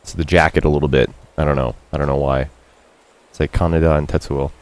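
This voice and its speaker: A man streaming a Japanese game reads out the characters' lines and translates them casually, chatty and self-mocking, jumping up in pitch to quote and dropping low for asides. His delivery is otherwise flat and fast.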